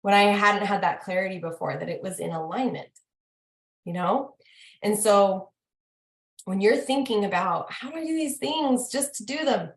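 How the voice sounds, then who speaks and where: A woman hosting a casual talk, chatting in an animated way and quizzing herself with repeated questions. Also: mid-range voice. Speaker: host. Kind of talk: casual chat. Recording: roomy echo.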